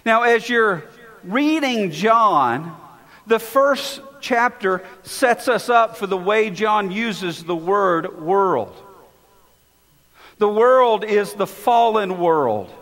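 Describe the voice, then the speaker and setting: A man preaching a sermon, stressing and repeating key words with dramatic pauses. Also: high-pitched, fairly bright tone, big-room sound.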